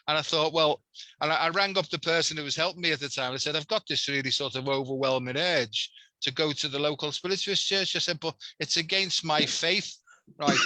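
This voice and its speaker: A Liverpool man speaks as a talk guest, telling a story in an animated, chatty way. His voice sits a little high and rings very bright. The recording is close and dry. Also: no echo, rough recording. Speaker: guest, healer. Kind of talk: casual chat.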